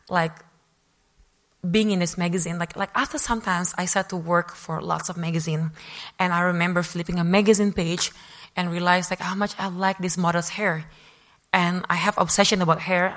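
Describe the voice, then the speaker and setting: Woman, former model, telling her story to a crowd; lively, acts out her own lines, often restarts mid-phrase. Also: lowish voice. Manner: animated storytelling, acting out her own past remarks. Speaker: former fashion model giving a testimony. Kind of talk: personal testimony talk.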